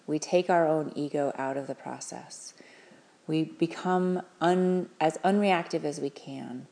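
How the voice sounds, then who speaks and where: A woman giving parents earnest, gentle advice, talking with frequent fillers and restarts. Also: low voice, measured pace, gravelly. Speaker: parenting advisor.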